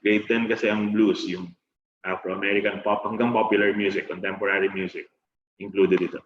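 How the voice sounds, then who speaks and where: A man's voice: fairly low pitch, little pitch movement, a little fast. A man with a Filipino accent, a music teacher trainer, explaining a lesson step by step. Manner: explains step by step, chants and sings example words. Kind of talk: teaching a music lesson, Tagalog-English mix. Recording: roomy, dull lo-fi sound with faint noise.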